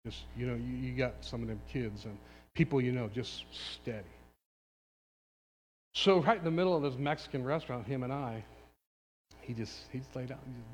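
A middle-aged man, a pastor, telling a personal story in a sermon, moving between quiet asides and loud exhortation. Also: medium pitch, normal speed, pauses often. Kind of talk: sermon testimony. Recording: long hall reverb, faint hum.

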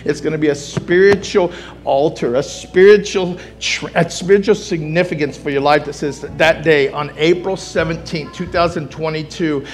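A man preaching in a church sanctuary, his fairly high voice dropping to soft pleas and then climbing into shouts. He repeats short phrases over and over for emphasis. Faint music plays behind him. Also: steady tone, moderate pace. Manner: swings from quiet pleading to loud shouting. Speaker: pastor. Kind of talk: sermon.

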